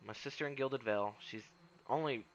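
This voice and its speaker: A man's voice: medium pitch, brisk, highs cut off, a little hiss or hum, close to an everyday voice. A man voicing a weathered female wilderness guide, wry and restless, in a put-on accent that drifts toward Irish, reading a game's lines aloud. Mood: earnest.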